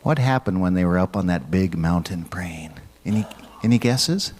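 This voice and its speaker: A man leading a church children's message, gently asking the kids questions and waiting for their answers. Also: deep voice, expressive, moderate pace. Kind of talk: children's sermon.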